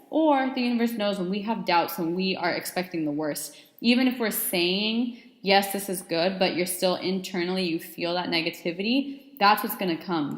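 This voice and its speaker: Chatty young woman in an echoey room. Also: lowish voice. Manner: chatty, earnest, many "like" fillers. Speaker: podcast host. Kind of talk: casual self-help podcast monologue. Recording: echoey room with long reverb.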